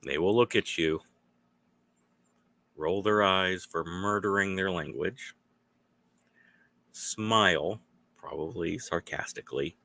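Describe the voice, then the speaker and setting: Slow, deep-voiced rambling man. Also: creaky, sharp tone. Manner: meandering, acts out little dialogues. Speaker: podcast host. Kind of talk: rambling solo podcast monologue.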